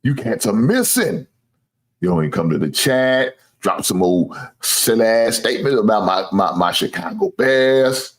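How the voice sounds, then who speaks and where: A man's voice: on the low side, big pitch swings, moderate pace. A man hosting a sports show, ranting casually to viewers, boastful and teasing, swearing freely and laughing at his own jokes. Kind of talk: casual trash-talking sports rant.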